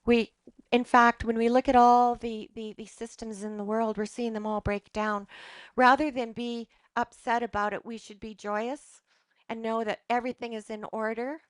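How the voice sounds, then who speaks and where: A woman's voice: fairly high pitch, level tone, normal speed, clean tone, no room sound. A middle-aged woman, a holistic practitioner, giving an earnest, emphatic motivational talk to a live audience and often restarting her sentences.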